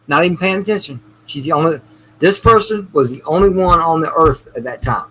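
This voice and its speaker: A man co-hosting a podcast, talking in a relaxed, casual way, often saying "you know". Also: on the high side, a little fast, slightly rough, poor audio. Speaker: podcast co-host. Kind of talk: casual chat.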